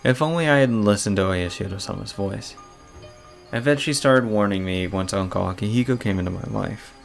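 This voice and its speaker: A troubled young girl haunted by a curse, read aloud by a man in his own low, gravelly voice. The lines come in a plain reading tone with little put-on change, over faint game music. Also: brisk. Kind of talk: reading a visual novel aloud.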